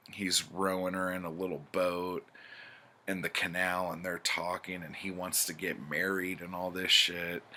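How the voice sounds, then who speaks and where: Slow, low-voiced man recapping books. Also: sharp tone, slight background noise. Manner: rambling, profane, with frequent fillers. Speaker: book reviewer. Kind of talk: casual book recap.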